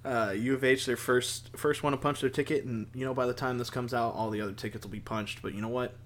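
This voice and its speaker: A man's voice: mid-range voice, steady tone, quick pace, fairly bright tone. A man co-hosting a casual podcast, easygoing and enthusiastic, rambling a little. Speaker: podcast co-host.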